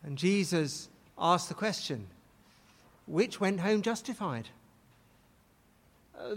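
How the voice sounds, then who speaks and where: Brief: male preacher, slow deliberate delivery, high voice, dramatic sermon in a long-reverb church hall. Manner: dramatic, acts out quoted pleas with rising intensity.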